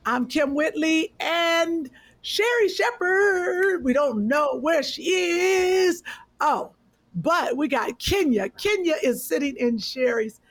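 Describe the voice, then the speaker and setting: A woman from Cleveland hosting a casual podcast chat, playful and teasing, with loud bursts of laughter. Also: high voice, lively intonation, takes it slowly, poor audio. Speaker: podcast host.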